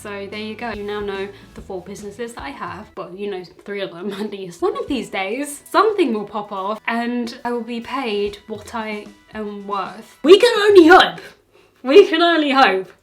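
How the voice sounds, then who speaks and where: A woman's voice: mid-range voice, normal speed, hardly any pauses, fairly bright tone. A young woman from the UK vlogging in a chatty, self-mocking way. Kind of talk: casual chat to camera. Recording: faint music behind.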